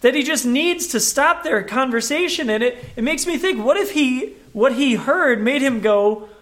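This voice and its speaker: A man's voice: very high-pitched, expressive, normal speed, hardly any pauses, fairly bright tone. A man preaching a sermon as a pastor, talking in a conversational but emphatic way and acting out the scripture with animation.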